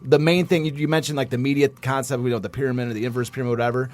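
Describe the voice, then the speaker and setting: A man's voice: medium pitch, fairly even intonation, very fast. A man, an author and guest, explaining eagerly in a casual chat, with many "you know" fillers.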